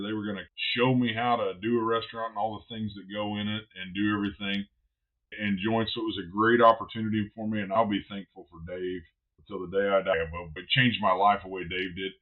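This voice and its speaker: Blunt, animated man telling stories. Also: fairly low pitch, fast talker, narrow, tinny audio. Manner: animated, blunt, swears freely, relives moments in quotes. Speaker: barbecue pitmaster guest. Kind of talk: casual podcast storytelling.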